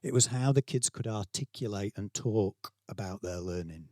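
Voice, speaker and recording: Brief: middle-aged Yorkshire man at a conference, chatty keynote storyteller, lower voice, dry close sound. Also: normal speed, warm tone, dry recording. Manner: conversational, self-deprecating, acts out quotes. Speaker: keynote speaker, school leader. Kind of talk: conference talk, anecdotal storytelling. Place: conference venue, speaking to staff.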